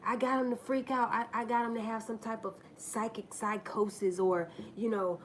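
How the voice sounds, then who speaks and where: A woman's voice: medium pitch, a little hiss or hum. A woman hosting a livestream, ranting in a blunt, profane and mocking way as she tells a story, often repeating herself and restarting lines. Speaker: livestream host. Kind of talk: casual livestream rant.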